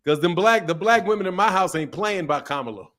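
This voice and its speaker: A man's voice: sits high, expressive, brisk, fairly bright tone. Joking man chatting with his live stream. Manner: loose, joking, laughs often, talks back to chat. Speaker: live-stream host reading chat. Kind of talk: casual live-stream chat.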